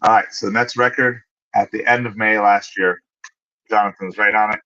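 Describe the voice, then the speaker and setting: Answering viewers in a casual livestream, the host talks conversationally and thinks out loud, filling pauses while he looks things up. His fairly low voice has fairly even intonation and a pushed, bright quality, and the sound is lo-fi.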